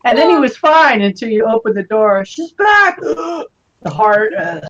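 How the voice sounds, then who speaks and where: A woman's voice: on the high side, lively intonation, moderate pace. A woman in casual chat, blunt and joking, putting on little voices. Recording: dull, lo-fi sound.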